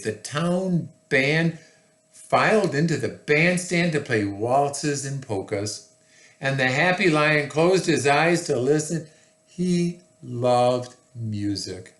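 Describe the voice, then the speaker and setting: Slow, expressive man reading a storybook. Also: mid-range voice, roomy sound. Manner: slow, expressive, chatty asides. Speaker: relative reading aloud. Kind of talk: reading a picture book aloud to children.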